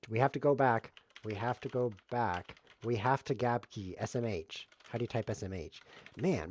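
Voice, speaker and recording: A man talks through his own chess moves on a live stream, cracking jokes at his own expense and laughing along the way. His pitch jumps around animatedly. The sound is dry and close, with no room in it. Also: mellow, dry recording. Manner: jokey self-mocking play-by-play, laughs often. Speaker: streamer playing chess variants. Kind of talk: casual live game commentary.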